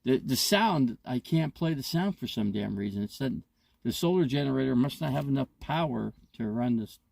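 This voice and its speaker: A man's voice: mid-range voice, expressive, normal speed, gravelly, darkish tone, dry recording. A man in his fifties, host of a casual live chat, rambling and profane as he retells his day. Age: 50s. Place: inside an RV.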